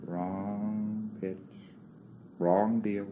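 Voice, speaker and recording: A man lectures in a relaxed, wry manner, slipping into quick back-and-forth dialogue and chuckling along the way. His voice sits on the low side. The recording is muffled and lo-fi, with a faint hiss underneath. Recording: dull lo-fi old tape with faint hiss.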